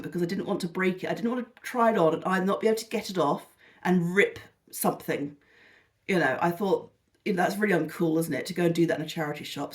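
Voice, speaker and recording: A British woman vlogger talking casually through a haul video, rambling, gushing and poking fun at herself, a little tired. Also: medium pitch. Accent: British English. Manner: rambling, self-deprecating and gushing. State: tired and lethargic.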